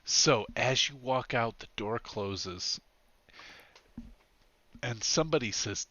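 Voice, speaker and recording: A man narrating a tabletop game as game master, lively and joking, often laughing. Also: medium pitch, slow, long pauses, dry recording, highs cut off.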